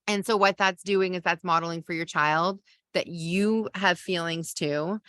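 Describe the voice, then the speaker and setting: A woman's voice: low voice, fairly bright tone, dry recording, studio quality. A woman hosting a live parenting masterclass, reading viewer questions and answering them in a loose, conversational way. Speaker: parenting coach and podcast host.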